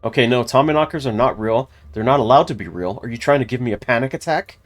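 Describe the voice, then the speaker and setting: A man's voice: mid-range voice, fast talker, close to an everyday voice. Man reading as a panicky young woman. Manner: panicky, catastrophizing. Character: anxious young woman who expects to die.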